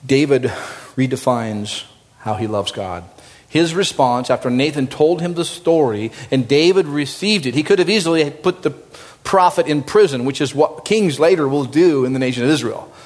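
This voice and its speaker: A male pastor preaching a sermon in an animated, conversational way, swinging from loud, high emphasis to low, quiet asides. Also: normal speed. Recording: long reverb of a large hall.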